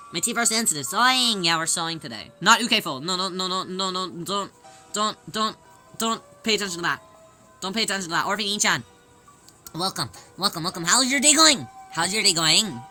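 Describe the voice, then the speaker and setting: Woman streamer, casual chat; very bright, sharp voice pitched on the low side; playful, repetitive bursts. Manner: playful and excitable, repeats phrases in rapid bursts; rambling, with frequent restarts and fillers. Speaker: live streamer chatting with viewers. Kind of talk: casual live-stream chat while sewing.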